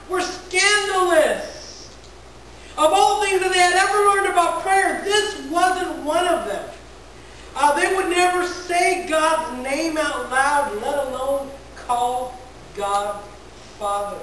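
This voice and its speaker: A woman pastor preaches in a relaxed, conversational way, stumbling over repeated words and tossing questions to her listeners. Her high voice comes from a distance and rings through a big, echoey church. A faint hiss sits underneath. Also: slow pace. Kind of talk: conversational sermon. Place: large echoey church hall. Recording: very echoey church hall from far off.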